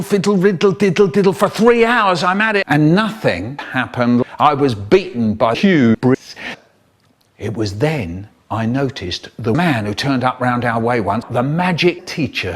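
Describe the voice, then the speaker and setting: A man telling comic stories in a theatrical, animated way, cut up and re-edited. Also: mid-range voice, breathy edge. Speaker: children's storyteller. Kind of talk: chopped-up comic storytelling.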